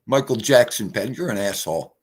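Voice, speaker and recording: Brash, profane New livestream host. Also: male voice, fairly low pitch, expressive, brisk. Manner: brash, profane, greets chatters. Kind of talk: casual livestream chat.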